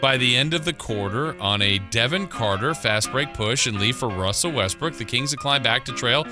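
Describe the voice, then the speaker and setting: A man co-hosting a sports radio show, reading a game recap in a steady, dry way. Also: medium pitch, moderate pace, over music. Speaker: radio co-host. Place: radio studio.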